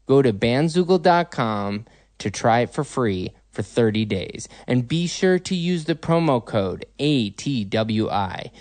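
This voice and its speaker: Lively podcast host, dry close sound. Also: male voice, medium pitch, no echo. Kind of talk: podcast interview with a read ad.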